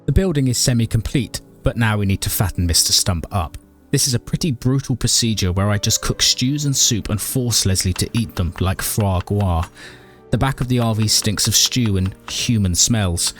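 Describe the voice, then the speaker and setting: Dry mock-dramatic gaming narrator. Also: male voice, fairly low pitch, moderate pace, soft background music. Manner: dry, mock-dramatic, talks to his character. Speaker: gaming YouTuber narrating a playthrough. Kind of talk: comedic game commentary and narration.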